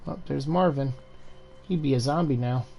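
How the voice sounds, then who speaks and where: A man's voice: mid-range voice, moderate pace, vocal fry, muffled recording, soft background music. A man giving casual, chatty let's-play commentary as he plays, swearing and laughing along. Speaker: gameplay commentator.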